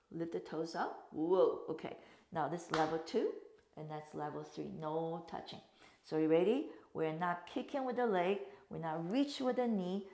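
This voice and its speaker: In a dark-toned, lowish voice, a Pilates instructor guides her class through exercises, cueing counts and breaths in slight phrasing. The recording has an echoey room sound.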